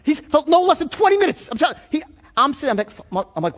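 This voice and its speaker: A middle-aged man giving a sales seminar, telling stories in an animated, blunt way full of profanity. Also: sits high, quick pace. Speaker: sales trainer. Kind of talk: seminar talk.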